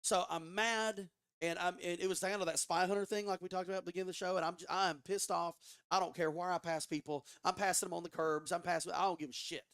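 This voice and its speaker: A man tells a story in a casual, excitable way, with plenty of swearing and false starts. His voice sits fairly high. The sound is dry and close, with no room echo. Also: fast talker, smooth. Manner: animated, profane, frequent restarts. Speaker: podcast guest. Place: studio.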